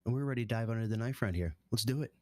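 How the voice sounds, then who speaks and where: A man casting a live esports match, rambling and getting excitable on big plays. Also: medium pitch, very fast, no room sound, clean studio sound. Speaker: esports caster.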